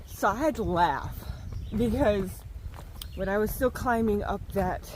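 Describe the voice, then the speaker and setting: A woman thru-hiker vlogging outdoors on a mountain trail into a handheld camera, a chatty, animated storyteller. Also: medium pitch, unhurried, a little hiss or hum. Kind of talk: casual trail vlog.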